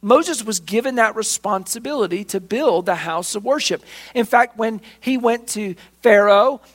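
A pastor preaching a sermon, retelling scripture with acted dialogue and emphatic repetition. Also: male voice, high-pitched, expressive, normal speed, a bit bright.

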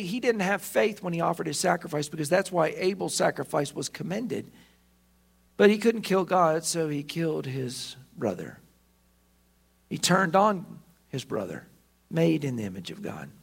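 A man preaching a sermon, telling the story with animated delivery. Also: high voice, vocal fry. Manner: animated storytelling, acting out the characters. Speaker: pastor.

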